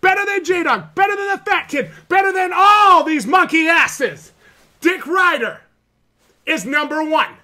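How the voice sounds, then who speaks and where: A man's voice: very high-pitched, lively intonation, a little slow, pushed and bright, exaggerated voice. A man playing an arrogant, boastful persona on a live stream who brags about himself in the third person. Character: cocky boastful male persona, arrogant showman. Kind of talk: comedic live stream character bit.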